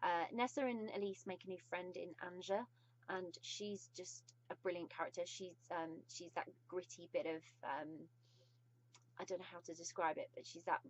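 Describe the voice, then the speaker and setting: A woman with a British accent giving a casual video book review, gushing and effusive, with frequent pauses. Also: on the low side, steady tone, dull audio.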